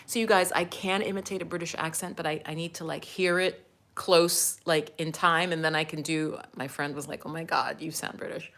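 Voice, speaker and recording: A woman's voice: lowish voice, a bit bright. Chatty American woman on a livestream. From United States. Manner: chatty, laughs often, drops to a whisper for asides. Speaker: spiritual coach and livestream host. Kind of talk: casual livestream chat.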